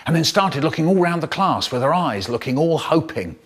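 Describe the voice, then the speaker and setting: A man telling a school story to children in an animated, theatrical way. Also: brisk, slightly rough. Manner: animated, theatrical storytelling with sudden jumps in pitch. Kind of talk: storytelling for children, cut up in a remix.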